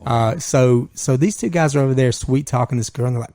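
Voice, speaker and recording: A man co-hosting a podcast, telling a long, animated story. His voice jumps up whenever he quotes himself. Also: mid-range voice, a little fast, no room sound, studio quality. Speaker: podcast co-host. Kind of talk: casual storytelling chat.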